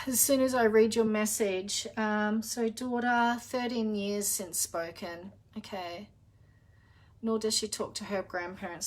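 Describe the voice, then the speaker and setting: Middle-aged aussie woman chatting on a live stream, calls everyone darling and honey, lots of ums, medium pitch. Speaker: spiritual reader hosting a live session. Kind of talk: casual live-stream chat.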